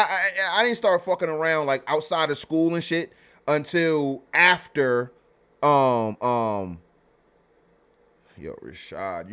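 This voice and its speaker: High-voiced man ranting on a stream. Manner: profane, heated and animated, with loud bursts. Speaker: livestream host. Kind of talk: ranting livestream commentary.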